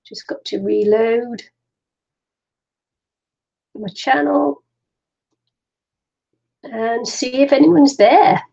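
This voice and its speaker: Chatty woman, middle-aged, craft stream host, gravelly, muffled lo-fi sound. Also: a little high, extremely slow, long pauses, warm tone. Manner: chatty, laughs often, talks to herself. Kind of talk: chatty live stream while waiting for viewers. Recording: dull lo-fi live stream audio.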